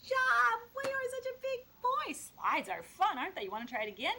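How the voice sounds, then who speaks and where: A woman's voice: extremely high pitch, huge pitch swings, brisk, noisy background, pitched above the performer's own voice, exaggerated voice. A woman voicing a cheerful young mother praising a toddler in a sing-song, upbeat voice. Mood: encouraging.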